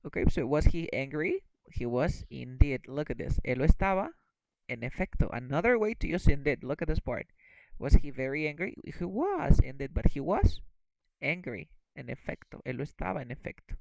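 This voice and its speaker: A native Spanish speaker gives a bilingual lesson on English vocabulary, repeating words and frequently asking "okay?" to check understanding. His voice is fairly high and sing-song with some vocal fry and a slightly mellow quality, at a moderate pace. The recording is dry and of poor quality.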